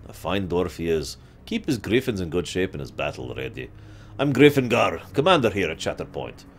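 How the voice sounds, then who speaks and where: A man reading a gruff, blunt dwarf wing commander in a put-on dwarf accent. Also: deep voice, very animated, normal speed, exaggerated voice. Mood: briskly commanding.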